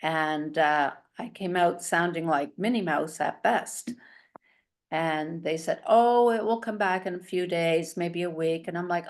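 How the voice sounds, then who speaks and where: A middle-aged woman, a guest telling her story in a chatty, animated way. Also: lowish voice, unhurried. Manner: chatty and animated, a self-described talker. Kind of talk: casual storytelling in an interview.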